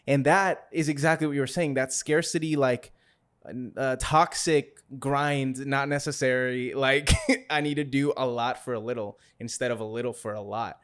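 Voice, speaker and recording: Smooth-voiced rambling podcast host, a man. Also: mid-range voice, steady tone, normal speed, fairly bright tone. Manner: rambling, filler-heavy, laughs often. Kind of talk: casual interview chat.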